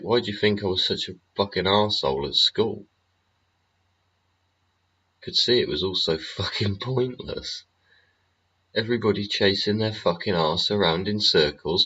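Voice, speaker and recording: Deep husky man ranting. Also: pushed and bright. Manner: profane, ranting, full of tag questions. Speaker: livestream host. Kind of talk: rambling livestream monologue. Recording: muffled lo-fi stream audio.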